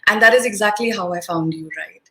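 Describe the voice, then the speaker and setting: A woman's voice: mid-range voice, brisk, bright, forceful tone, low-quality recording. A woman from India, a guest in an online conversation, talking with enthusiasm and searching for her words as she goes.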